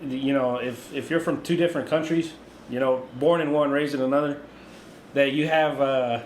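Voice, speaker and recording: A Mexican-born man raised in the US, co-hosting a podcast in relaxed, laughing casual chat. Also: mid-range voice, moderate pace. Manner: laughing, relaxed, says dude and bro. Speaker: podcast co-host. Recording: echoey room with faint noise.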